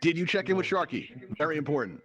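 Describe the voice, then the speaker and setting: A man's voice: a little high, expressive, quick pace, a bit bright, muffled recording. A man hosting a live virtual reality game show, teasing and bantering playfully with contestants. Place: virtual reality social event.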